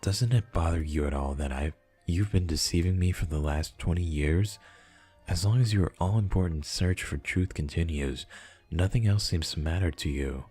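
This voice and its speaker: A man's voice: sits low, normal speed, warm tone, husky, faint music behind. A man reading a visual novel aloud, voicing a distressed young man who feels betrayed and answers in pleading, sarcastic tones. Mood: bitter. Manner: pleading, then bitter and sarcastic.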